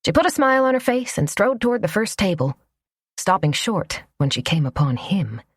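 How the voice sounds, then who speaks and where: A woman narrating a romance audiobook in a measured, even storytelling manner. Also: medium pitch, breathy edge, dry recording, clean studio sound. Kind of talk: scripted narration.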